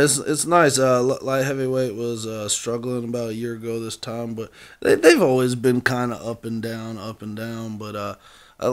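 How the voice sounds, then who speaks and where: A man co-hosting a casual sports podcast, talking in an animated way and laughing often. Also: on the low side. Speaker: podcast co-host. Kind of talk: casual chat.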